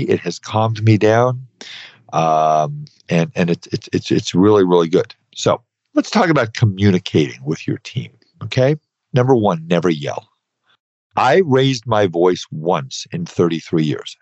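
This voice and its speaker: A man's voice: lowish voice, a little mellow, no echo. A man in his fifties hosting an advice podcast, talking earnestly and emphatically and repeating points with "okay". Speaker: podcast host, accountant. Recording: dry, slightly dull podcast audio.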